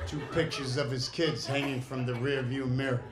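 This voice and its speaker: A man from New City, doing a stand-up comedy set, telling brash, rapid-fire stories full of cursing. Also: mid-range voice, level tone. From New York City. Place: comedy club stage. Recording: echoey club with loud crowd laughter. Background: loud audience laughter.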